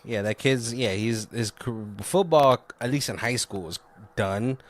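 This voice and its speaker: A man's voice: medium pitch, a little slow. A man co-hosting a casual movie review podcast, retelling scenes with loose impressions and laughing often. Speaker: podcast co-host.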